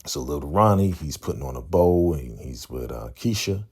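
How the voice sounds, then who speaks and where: A man's voice: a bass voice, animated, moderate pace, a little mellow, slightly rough. A man hosting a casual TV episode recap, laid-back and conversational, often checking in with "right?" and acting out the characters' lines. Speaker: TV recap channel host.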